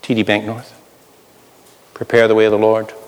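A man preaching a sermon as pastor, animated, swinging between loud outbursts and hushed asides while acting out voices. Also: lowish voice, moderate pace, in a large hall.

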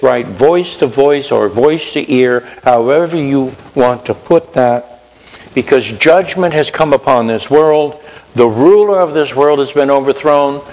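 A man preaching a sermon in a conversational way, often asking his listeners questions. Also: medium pitch. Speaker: pastor. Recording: long reverb of a hall.

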